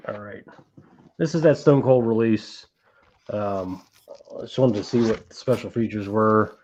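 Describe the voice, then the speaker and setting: A man's voice: lowish voice, unhurried, darkish tone, a little hiss or hum. Guy hosting a movie stream, rambly and sweary, reads the chat, kinda dull lo-fi audio. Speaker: host of a movie collecting stream. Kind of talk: casual live-stream chat.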